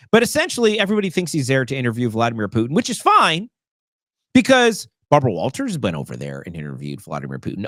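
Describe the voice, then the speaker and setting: A man hosting a political talk show, his pitch swinging widely as he jokes and jabs sarcastically. He often stops on fillers. The sound is dry and close. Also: dry recording. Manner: animated, sarcastic, many fillers. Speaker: show host. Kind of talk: casual political commentary.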